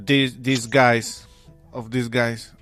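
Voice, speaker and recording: Slow-speaking man in halting English. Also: medium pitch, little pitch movement, fairly bright tone, dry recording, soft background music. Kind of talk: casual chat.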